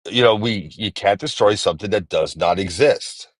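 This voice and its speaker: A man in his forties calling in to a live-stream debate, talking in halting restarts and repeating himself. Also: lowish voice, no echo. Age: 40s. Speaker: guest caller.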